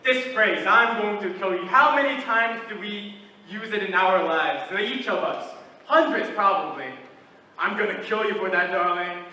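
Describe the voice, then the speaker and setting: Brief: teen guy as a patient reasoning juror, bright high voice, long hall echo from afar. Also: moderate pace. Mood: persistent. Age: late teens. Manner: methodical, reasoning aloud, some restarts. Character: calm, persistent male juror reasoning. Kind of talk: stage play performance. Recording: echoey hall from far off, light noise.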